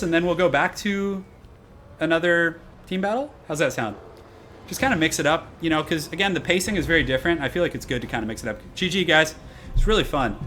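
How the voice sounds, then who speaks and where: A man's voice: fairly high pitch, fairly bright tone. A man doing casual live-stream commentary over a game from a room at home, chatty and repeating his phrases as he answers chat.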